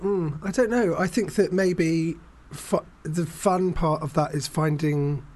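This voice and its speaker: Podcast co-host, man, slightly high voice, lively and jokey about films. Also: a little slow. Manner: animated, acts out quoted lines. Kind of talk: casual film chat.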